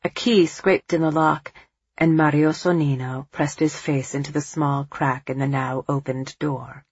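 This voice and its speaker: A woman narrating an audiobook in a measured, dramatic way. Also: low-pitched, steady tone, husky, dry recording, lo-fi sound.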